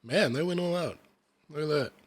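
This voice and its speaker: A man's voice: on the high side, normal speed, husky, dry recording. A man in his thirties reading a picture book aloud, breaking off into rambling, sweary, self-deprecating asides. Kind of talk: casual reading aloud with commentary.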